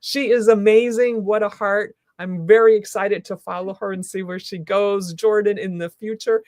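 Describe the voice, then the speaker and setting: A woman hosting a live talk show, effusive and encouraging, rambling warmly through her questions and sign-off. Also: lowish voice, dry recording, studio quality.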